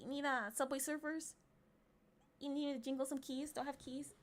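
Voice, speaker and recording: A woman's voice: sits high, quick pace. A woman livestreaming in casual chat, reading quiz questions aloud in a playful, teasing way. She sometimes drops to murmurs and whispers. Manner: playful and teasing, often breaking into giggles.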